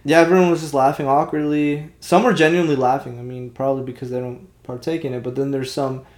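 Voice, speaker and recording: A young man co-hosting a podcast in casual chat, talking in quick, animated bursts full of filler words. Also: mid-range voice. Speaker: podcast co-host. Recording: roomy echo.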